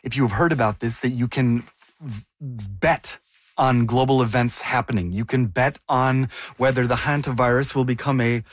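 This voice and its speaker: A man's voice: medium pitch, moderate pace, no echo, clean studio sound. A man co-hosting a news discussion, asking questions and explaining with some hesitation. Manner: inquisitive, hesitant. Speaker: co-host.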